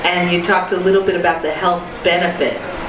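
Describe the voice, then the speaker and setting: A woman's voice: fairly low pitch, fairly even intonation, brisk. A woman hosting a cooking show on location in a restaurant, upbeat and chatty. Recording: roomy, distant and noisy restaurant audio.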